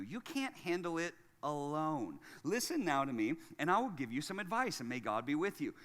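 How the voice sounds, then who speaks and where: A man preaching a sermon as lead pastor, chatty and jokey, going from hushed to loud. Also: high-pitched, long reverb tail.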